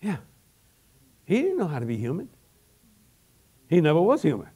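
Older preacher guy, kinda high voice, all over the place, shouting and laughing as he goes. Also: moderate pace, slightly rough. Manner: animated, shouting bursts, laughing asides, folksy grammar. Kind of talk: lively comic sermon. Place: large church hall.

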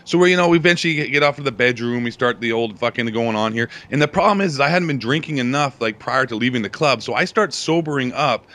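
A man's voice: medium pitch, expressive, fast talker, few pauses, bright, forceful tone. A young man telling a crude story in casual chat, profane and rambling, laughing often. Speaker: podcast host.

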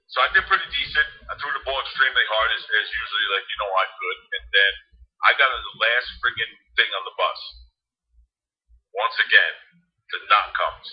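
A man, a podcast guest telling stories in a blunt, animated way and acting out quotes. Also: fairly low pitch, a little fast. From Harrison, New Jersey. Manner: animated storyteller, blunt and salty, acts out quotes. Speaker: podcast guest, former quarterback. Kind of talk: casual storytelling chat. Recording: dull lo-fi podcast audio.

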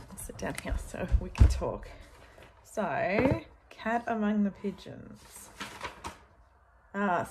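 A woman book vlogger in casual chat, gushing over her book haul with gasps and hushed exclamations. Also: medium pitch, creaky, slight background noise. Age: adult with sons.

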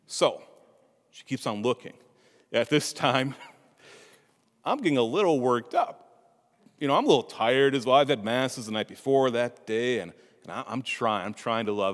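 Priest telling a funny story in a reverberant church. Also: male voice, medium pitch. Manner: humorous personal storytelling with asides to the congregation. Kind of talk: homily.

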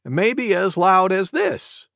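A storyteller voicing a jittery little male cuckoo bird, chirpy and excited. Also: mid-range voice, takes it slowly, creaky, no echo, studio quality, voice pushed up, exaggerated voice.

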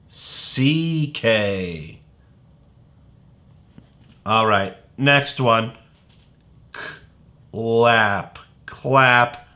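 Slow, playful man teaching phonics. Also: medium pitch, sharp tone. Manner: slow, playful, sounds words out letter by letter. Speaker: kindergarten teacher. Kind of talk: phonics lesson for young children.

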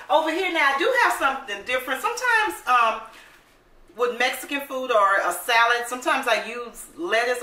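A woman hosting a casual cooking vlog, upbeat and chatty, often calling her viewers "baby" and saying she is excited. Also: a little high. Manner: excited, admits talking fast. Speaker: cooking channel host. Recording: roomy echo, mic at a distance, faint noise.

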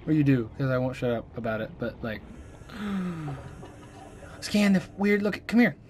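A young man giving excitable, jokey let's play commentary and chatting to the creatures on screen. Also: medium pitch, unhurried, slight background noise. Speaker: gaming channel host. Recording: game music running underneath.

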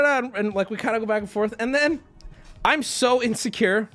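A male streamer telling a story to his chat in a casual, animated way, laughing, swearing and acting out voices as he goes. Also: extremely high pitch, brisk, faint music behind.

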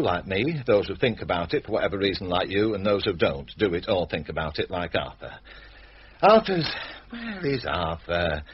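Middle-aged country doctor, dry and knowing, animated pitch; muffled, faintly hissy radio recording. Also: male voice. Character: weary, irritated middle-aged village doctor.

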